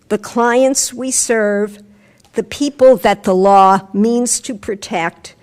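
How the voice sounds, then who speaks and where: A woman gives a formal ceremony address to graduates in a large hall. She speaks slowly and deliberately, in a fairly high voice. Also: a little mellow. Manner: measured and formal. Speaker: school official conferring degrees.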